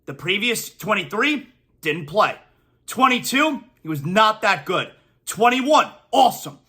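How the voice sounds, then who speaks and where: A man's voice: high voice, very animated, measured pace, pushed and bright. A man hosting a sports talk show, ranting emphatically and repeating his punchlines for effect. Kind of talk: opinionated sports talk monologue.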